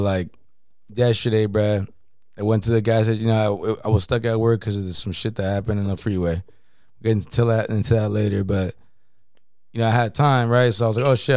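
A man's voice: fairly low pitch, darkish tone, clean tone, dry recording, studio quality. A man telling a story in casual podcast chat, slangy and profane, filling his talk with "you know what I mean.". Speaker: podcast co-host.

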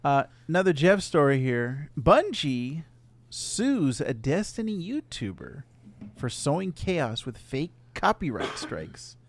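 A man's voice: a little high, very animated, takes it slowly. A man hosting a casual video game podcast, reading out news items and bantering with his co-hosts. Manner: reads headlines then banters.

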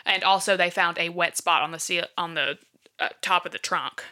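A woman's voice: on the low side, steady tone, normal speed, sharp tone. A woman casually retelling a true-crime case from her notes, with many fillers like "um" and "like". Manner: chatty, filler-heavy, checks her notes. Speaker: podcast co-host.

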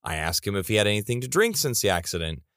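A man's voice: lowish voice, very animated, fast, fairly bright tone, no room sound, studio quality. A man narrating reader stories in a comedic style, with playful asides.

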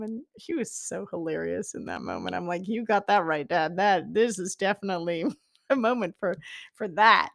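A woman's voice: medium pitch, lively intonation, moderate pace, vocal fry, dry recording, clean studio sound. A middle-aged woman talking in a chatty teaching style, laughing often and restarting her sentences. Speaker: spiritual teacher. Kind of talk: casual teaching talk.

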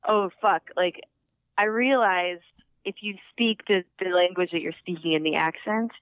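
A woman's voice: lowish voice, moderate pace, no echo, phone-quality sound. A woman with a Minnesota accent chatting casually and playfully, often slipping into mock accents. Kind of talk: casual chat. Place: lives in Los Angeles.

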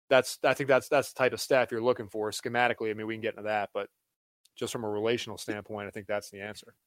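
A man's voice: mid-range voice, dry recording. A former lineman now working as a guest analyst talks football in a wry, opinionated way. His voice sits mid-range and is recorded close and dry. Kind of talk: casual sports talk.

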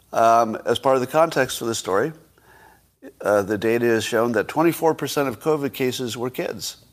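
A man giving casual livestream commentary, sarcastic, asking rhetorical questions and tossing dry asides. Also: mid-range voice. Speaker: political commentator.

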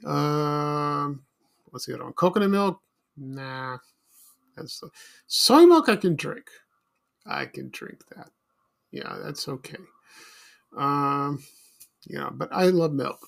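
A man's voice: a little high, lively intonation, takes it slowly, creaky, pauses often, a bit bright. A middle-aged man from Chicago hosting a casual solo podcast, rambling and nostalgic with many fillers and restarts. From Chicago, USA. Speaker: podcast host.

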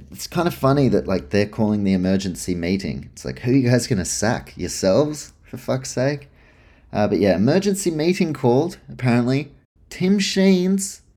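Man, mellow dark voice, casual sports chat, blunt, swears, frustrated rants. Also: lowish voice. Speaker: sports podcast host.

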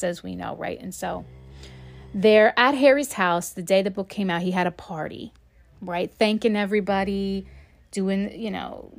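Blunt, foul-mouthed woman podcaster. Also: mid-range voice. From United States. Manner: blunt, heavily profane, talks straight to the listener. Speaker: podcast host. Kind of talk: casual commentary podcast. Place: home.

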